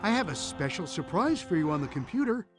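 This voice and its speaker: A kind, reassuring cartoon dad. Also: male voice, fairly high pitch, a little fast, music in the background. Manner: calm and reassuring. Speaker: father character.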